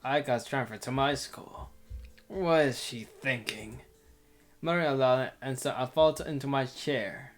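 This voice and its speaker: A man's voice: mid-range voice, measured pace, slight background noise. A man reading a visual novel aloud in a casual playthrough, amused and laughing often. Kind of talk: casual game playthrough narration.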